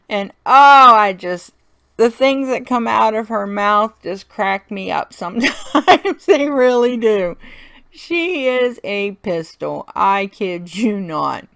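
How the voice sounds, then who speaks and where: A woman talks her way through a coloring and card-making tutorial in a friendly, chatty voice. Her pitch sits in the middle of the usual range. She laughs often and keeps the talk loose and folksy. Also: lively intonation, slow, gravelly, a bit bright. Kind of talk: casual crafting tutorial narration.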